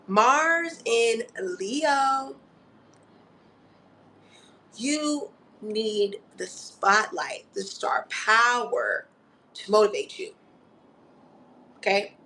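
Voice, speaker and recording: A woman's voice: a little high, expressive, drawn-out words, pauses often, pushed and bright. Coaching woman giving an astrology reading. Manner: coaching, repeats "okay?", calls listener honey and darling. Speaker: astrology reader. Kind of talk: casual spoken astrology reading.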